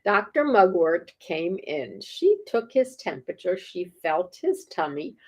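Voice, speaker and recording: Reading a picture book to little ones, this woman sounds very animated yet unhurried, her medium-pitched voice husky. She chuckles playfully and frequently asks the children questions during storytime.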